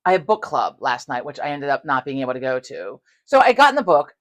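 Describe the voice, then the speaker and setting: A woman on a casual chat podcast tells stories with plenty of swearing. Her voice sits low, yet it swings widely as she acts out each side of a conversation. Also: quick pace. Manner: profane, animated, acts out dialogue. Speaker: podcast co-host.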